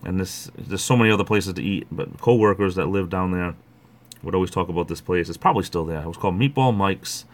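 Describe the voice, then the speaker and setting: Middle-aged man, deep voice, rambling livestream host chatter. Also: fast. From Rhode Island. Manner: rambling, chatty, greets viewers by name. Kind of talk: casual chat.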